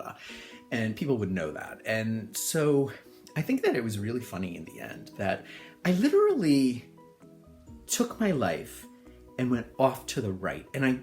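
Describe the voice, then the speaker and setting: A middle-aged man tells a story from his life as a hairdresser, and his pitch leaps up and down as he talks. He laughs often and puts on voices for the people in the story. Faint music plays under him. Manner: animated, laughing, acts out voices in quotes. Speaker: hairdresser and salon owner. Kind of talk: storytelling monologue.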